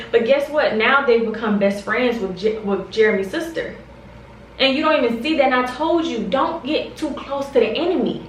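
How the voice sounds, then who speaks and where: A young woman vents straight to camera in a heated, confrontational vlog rant, hammering her points by saying them again. Her voice sits a little high. She sounds a step back from the mic in an echoey room with a faint hiss behind her. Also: a bit bright, far from the mic. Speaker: vlogger. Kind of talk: direct-to-camera storytime rant.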